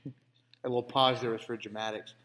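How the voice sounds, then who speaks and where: A man spinning a tall tale with mock grandeur, as if he were a lofty philosopher. His voice sits at an ordinary middle pitch, and it rings out with a long hall reverb around it. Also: level tone, moderate pace, fairly bright tone. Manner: mock-grand, playfully pompous storytelling. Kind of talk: comedic banter.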